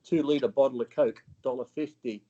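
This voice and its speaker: A man's voice: mid-range voice, steady tone, moderate pace, warm tone, highs cut off. A man talking as an interview guest in a casual, blunt way, swearing freely and acting out what other people say.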